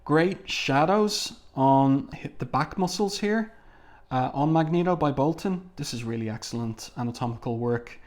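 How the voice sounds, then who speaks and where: A man giving casual commentary as he reviews a comic book, often hesitating and filling pauses with "uh" while he describes each scene. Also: mid-range voice.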